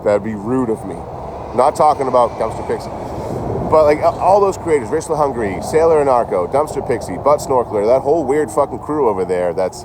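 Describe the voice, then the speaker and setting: A middle-aged man chats on a livestream in a loose, rambling way, swearing freely and laughing at his own jokes. His voice sits at an ordinary middle pitch. Clear traffic and street noise run behind him outdoors. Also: expressive, fairly quick. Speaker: traveling livestreamer. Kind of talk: casual livestream chat. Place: outdoors by a rail yard office.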